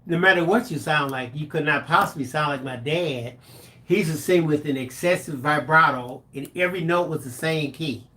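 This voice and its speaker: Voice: mid-range voice, moderate pace, pushed and bright. A co-host on a crafting livestream who reads viewer comments aloud and jokes around casually. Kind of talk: casual live-stream chat.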